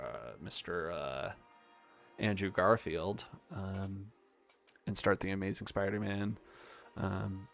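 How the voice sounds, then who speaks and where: A young man on a live stream rambles casually about movies, full of ums and half-finished thoughts. His voice is fairly low with vocal fry.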